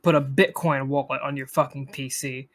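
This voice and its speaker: A man's voice: mid-range voice, fairly even intonation, normal speed, a loud crowd. A young man co-hosting a podcast, telling rambling stories in casual chat, swearing freely and laughing often. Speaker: podcast co-host.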